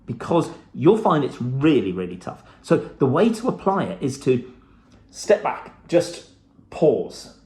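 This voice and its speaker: A man's voice: on the high side, sing-song, slow, darkish tone. A middle-aged man giving a blunt, profane motivational talk to camera, with the odd laugh. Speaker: self-help vlogger.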